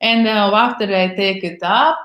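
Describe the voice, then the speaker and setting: A woman's voice: medium pitch, fairly even intonation, moderate pace, fairly bright tone. A woman, speaking broken English as a workshop host in a casual chat, frank and playful, acting out little scenes as she goes. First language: Bulgarian. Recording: echoey room.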